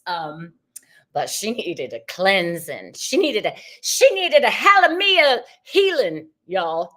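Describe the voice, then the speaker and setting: A woman hosting a live tarot stream, gushing and greeting viewers by name in casual chat. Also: on the low side.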